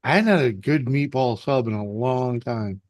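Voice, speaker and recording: A man's voice: medium pitch, normal speed, no room sound, studio quality. A man hosting a casual online hangout, laid-back, chuckling and swearing mildly as he chats with friends. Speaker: host of a friends' hangout stream. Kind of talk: casual chat.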